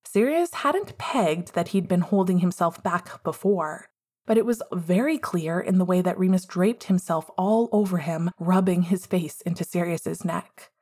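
A woman reading a fan story aloud in a calm, measured way. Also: lowish voice, husky. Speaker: audiobook reader. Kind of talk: storybook narration.

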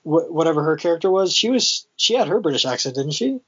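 A man's voice: fairly high pitch, very animated, fast talker, a bit bright, breathy edge, lo-fi sound. A man in casual chat, hesitant and full of fillers.

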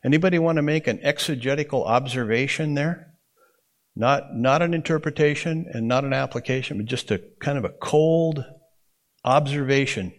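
A man's voice: medium pitch, moderate pace. A man teaching a Bible interpretation class to students in a classroom. He talks conversationally and keeps checking in with "okay?".

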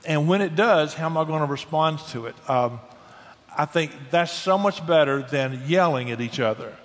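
A man's voice: a little high, lively intonation, moderate pace. A middle-aged man talking about marriage in an earnest, folksy way, often restarting his words. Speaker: guest speaker on marriage. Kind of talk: casual Christian talk show conversation. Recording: long hall reverb.

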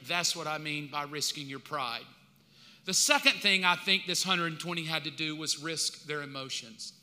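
A man's voice: fairly high pitch, moderate pace, bright, forceful tone. A man from the United States preaching a sermon as pastor, in a casual, colloquial way with slang asides. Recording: long reverb of a large hall.

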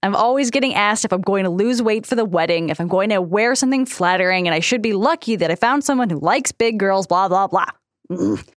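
A woman co-hosts a chatty podcast in a frank, down-to-earth way, with swearing and quick laughs. She speaks in a middle-pitched voice, close to the mic in a dead, dry room. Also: lively intonation, no echo. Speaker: podcast co-host. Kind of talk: casual chat.

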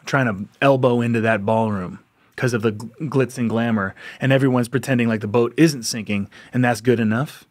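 A man's voice: mid-range voice, steady tone, brisk. A man hosting a podcast, delivering an impassioned monologue full of rhetorical questions and frequent laughs. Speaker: podcast host.

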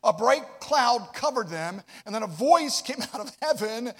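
A man preaching a sermon to young adults, swinging from hushed asides to loud, drawn-out emphasis. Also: very high-pitched, animated. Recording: long hall reverb.

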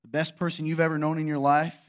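A man's voice: fairly high pitch, level tone, fast, smooth. Conversational male pastor preaching. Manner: conversational, with rhetorical questions and sarcastic asides. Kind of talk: sermon.

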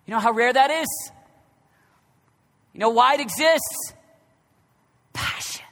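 A man in his thirties preaching a sermon, dropping to a near whisper and then rising to shouts. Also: very high-pitched, slow pace, gravelly. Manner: swings from hushed, near-whispered reflection to loud, shouted exhortation. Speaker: pastor. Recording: long reverb of a large hall.

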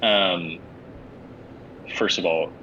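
A man's voice: fairly even intonation, extremely slow, bright, forceful tone. A man co-hosting a casual podcast chat, rambling with restarts and fillers, recorded away from his usual setup. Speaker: podcast co-host. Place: at home away, no studio setup. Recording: dull lo-fi sound with faint rumble.

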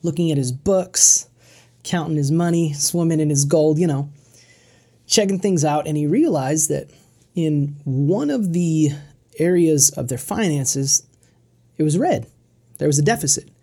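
A woman's voice: low-pitched, expressive, unhurried, pauses often, warm tone, slightly rough. A woman giving a talk, telling a story in a casual, slangy way, often repeating words as she goes. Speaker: event speaker.

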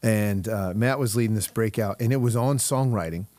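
Middle-aged male host with a low voice. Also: moderate pace, dry recording. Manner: warm storyteller, chuckles, searching phrasing. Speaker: host, youth leader. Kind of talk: casual interview chat.

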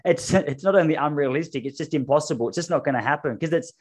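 A man's voice: on the high side, fast talker, darkish tone, husky. A man hosting a casual podcast chat, talking a point through thoughtfully. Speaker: podcast host.

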